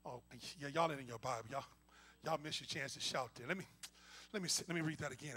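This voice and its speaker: A male pastor preaching a call-and-response sermon, swinging from quiet asides to shouting and talking to the congregation informally. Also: fairly high pitch, expressive, fast. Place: church.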